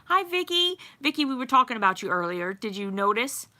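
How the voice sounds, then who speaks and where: A woman's voice: medium pitch, fast talker, pushed and bright. A middle-aged woman hosting a casual livestream, chatting with viewers in a rambling way with frequent ums and little laughs. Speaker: livestream host. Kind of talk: casual live chat reading comments.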